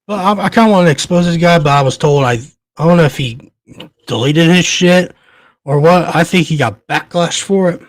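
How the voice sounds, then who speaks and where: A man's voice: fairly high pitch, normal speed, no room sound. Angry swearing man ranting. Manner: profane, heated, stammering. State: shaking with anger. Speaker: podcast host.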